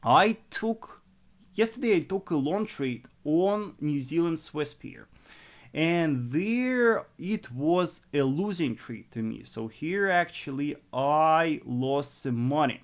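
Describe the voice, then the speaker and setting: A man's voice: a little high, lively intonation, takes it slowly. A man coaching forex trading on a live stream, walking through his trades step by step with frequent restarts and a habitual "yes". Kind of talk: live market analysis stream.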